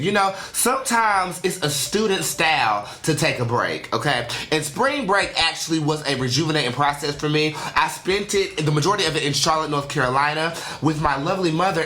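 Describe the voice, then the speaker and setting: A young adult host giving a casual solo monologue on a radio show, animated and chatty, often tagging sentences with "okay?" and "honey". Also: mid-range voice.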